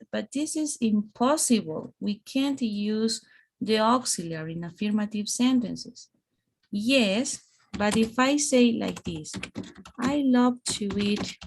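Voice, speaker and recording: A woman's voice: a little high, a little mellow, slight background noise. A woman whose first language is Spanish, patiently teaching English grammar on a video call and checking in with frequent "okay"s. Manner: patient, explains step by step with many "okay"s. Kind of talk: online English grammar lesson.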